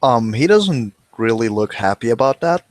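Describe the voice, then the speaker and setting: A man's voice: mid-range voice, expressive, normal speed, darkish tone, no room sound. A man playing a tabletop role-playing game, hesitantly describing what his character does. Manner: hesitant, many ums. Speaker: player.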